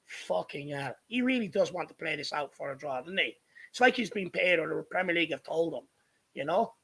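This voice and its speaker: A man's voice: fairly high pitch, lively intonation, fairly quick, gravelly, a bit bright, husky. An Irish man hosting a live football watchalong, ranting furiously and swearing at his team's defending. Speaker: fan channel host. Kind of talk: live match watchalong commentary.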